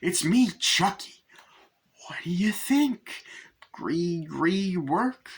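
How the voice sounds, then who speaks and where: A guy putting on a cruel killer doll, high and sneering, taunting his victim. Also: lively intonation, extremely slow, breathy edge, exaggerated voice.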